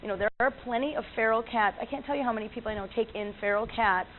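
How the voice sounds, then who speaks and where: A woman's voice: a little high, fast talker. A woman who works as an animal communicator, telling stories in a chatty way with frequent laughs and restarts. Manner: chatty, laughs often, many fillers and restarts. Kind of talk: casual storytelling talk. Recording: tinny lo-fi line with faint noise.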